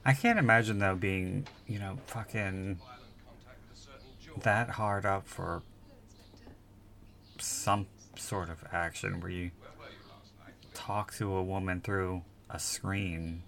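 Slow-talking man hosting a film podcast. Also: deep voice, steady tone, vocal fry, fairly bright tone. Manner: slow, hesitant, crude jokes. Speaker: podcast co-host. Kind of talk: casual film chat.

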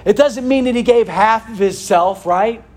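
A man's voice: high-pitched, normal speed, darkish tone. A man preaching a sermon to a congregation in a room, tossing rhetorical questions out for them to answer.

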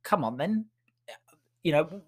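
A man's voice: on the high side, expressive, slow pace, darkish tone, slightly rough, exaggerated voice. A man voicing the inner thoughts of a cheeky, playful male dog in a chatty, matter-of-fact way.

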